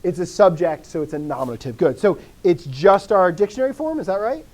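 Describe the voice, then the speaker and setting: Brisk and animated, a high-pitched man with a darkish tone teaches a language class. He's eager and talkative, breaking off mid-thought and answering the questions he raises.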